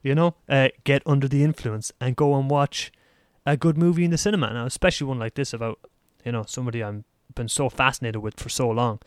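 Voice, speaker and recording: A man's voice: mid-range voice, fairly even intonation, fast, smooth, dry recording, clean studio sound. A man hosting a solo podcast, chatting casually and rambling about movies, laughing at himself now and then. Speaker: podcast host. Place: lives in Taiwan.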